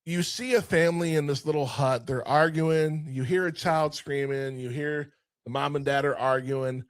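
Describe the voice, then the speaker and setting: A man co-hosting a casual film review podcast, retelling scenes in an animated way with lots of swearing. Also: on the high side, moderate pace, no echo. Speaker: podcast co-host.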